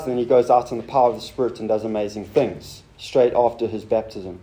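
A man's voice: on the low side, quick pace, hardly any pauses, mellow. A man preaching a sermon to a congregation. He asks rhetorical questions and makes casual asides to the listeners. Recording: roomy hall sound with faint noise.

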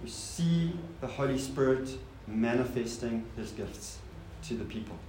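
A man's voice: medium pitch, lively intonation, measured pace, a little mellow. Male preacher, mid-range voice, casual rhetorical sermon, echoey hall with faint hiss. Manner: rhetorical questions, informal asides to the congregation. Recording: roomy hall sound with faint noise.

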